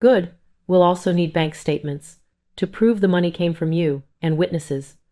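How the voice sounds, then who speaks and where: A woman reading the lines of a calm, businesslike male family lawyer. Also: fairly low pitch, natural voice. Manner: measured, reassuring, businesslike.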